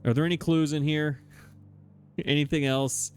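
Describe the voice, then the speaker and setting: A let's play gamer with a fairly high voice and fairly even intonation talks through his gameplay at a moderate pace. Frustrated and exasperated, he keeps talking to himself.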